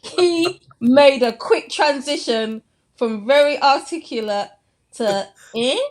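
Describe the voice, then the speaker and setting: High, unhurried woman co-host, mocking and opinionated. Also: expressive. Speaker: podcast co-host. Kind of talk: casual chat.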